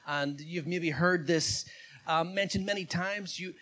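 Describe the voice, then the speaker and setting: A man's voice: high-pitched, a little slow, fairly bright tone. A man preaching a sermon in church in a conversational way, often putting questions to the congregation. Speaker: pastor.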